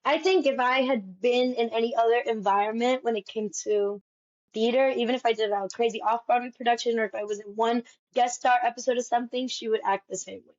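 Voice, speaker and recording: A Broadway actress telling stories in a casual interview, animated and peppering her talk with "like". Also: on the high side, brisk. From United States. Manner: animated, fills speech with "like". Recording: dull lo-fi sound.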